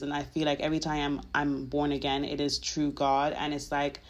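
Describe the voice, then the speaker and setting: A podcast host speaking in a mid-pitched voice, talking openly about faith in a loose monologue. The delivery is earnest and confessional. It rambles along with plenty of filler phrases. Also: flat delivery, normal speed, hardly any pauses. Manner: emotional, confessional. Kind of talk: casual faith talk monologue.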